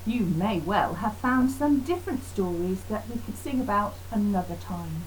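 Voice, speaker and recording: A woman teaching a lively online music lesson to young children, encouraging and sing-song. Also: medium pitch, moderate pace, a little hiss or hum, low-quality recording. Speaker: primary school music teacher.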